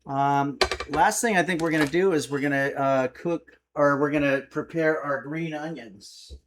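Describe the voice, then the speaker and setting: A man's voice: on the high side, steady tone, moderate pace, background noise. A man hosting a home-kitchen cooking stream, chatting casually and loosely with lots of fillers as he reads out viewer comments. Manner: rambling, filler-heavy, easygoing. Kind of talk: casual livestream cooking demo, reading chat.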